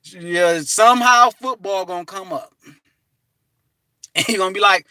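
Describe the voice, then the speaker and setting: A man giving an animated, preachy motivational talk from his parked car, breaking into bits of song and laughter. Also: high-pitched, normal speed, no room sound. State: hot and restless. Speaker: vlogger.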